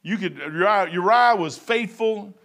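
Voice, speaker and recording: Folksy preacher, high voice. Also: male voice, measured pace. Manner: folksy and rambling, with stumbles and chuckles; swings from loud bursts to low asides. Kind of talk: sermon.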